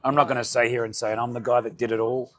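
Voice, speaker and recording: An energetic man with an Australian accent, a restaurant owner and radio host chatting casually in an interview and acting out quoted lines as he tells stories. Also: medium pitch, rapid-fire, no echo. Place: restaurant comedy club.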